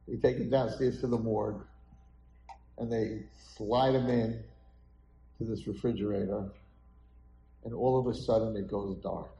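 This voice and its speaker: A man's voice: lowish voice, dark tone, muffled recording, slight background noise. A man, a rabbi, dramatically telling a story in a sermon at an event hall. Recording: echoey hall.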